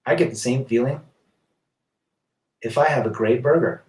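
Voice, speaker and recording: A man's voice: mid-range voice, moderate pace, a little mellow, roomy sound, recorded from a distance. A man hosting a casual live stream, reading viewer comments aloud and answering in a rambling, blunt way with many restarts.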